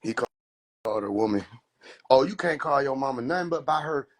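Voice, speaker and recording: A young man hosting a casual livestream, riffing in a rambling, profane, joking way with a husky voice into a phone mic. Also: mid-range voice, animated, fairly quick. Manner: rambling, profane, laughing banter. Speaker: livestream host.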